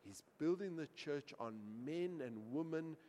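A man's voice: fairly high pitch, lively intonation, measured pace. Preaching man in a reverberant hall. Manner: swings from quiet asides to loud emphatic storytelling. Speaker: pastor. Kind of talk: sermon.

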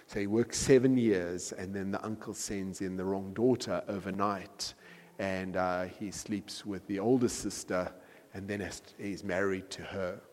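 A man preaching a sermon, retelling a scripture story in a conversational way and correcting himself with quick apologetic asides. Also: deep voice, steady tone, darkish tone, long reverb tail.

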